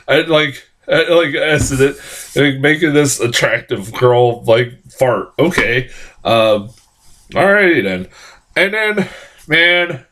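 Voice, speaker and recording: A man's voice: on the high side, slow pace. A man giving a casual, rambling film review, swearing often and restarting his sentences, with sarcastic outbursts. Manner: rambling, profane, lots of restarts; animated, jumps into sarcastic reactions.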